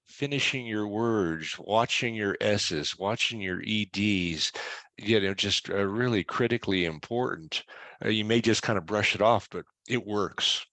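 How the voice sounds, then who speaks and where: A man's voice: fairly low pitch, a bit bright, no room sound. A man on an online panel who speaks with enthusiasm about what he has learned.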